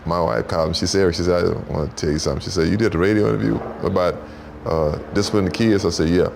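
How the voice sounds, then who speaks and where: A man telling stories on a talk show, in an animated, repetitive way, jumping into high voices for quotes. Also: very fast, vocal fry, background noise. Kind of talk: storytelling talk-show chat.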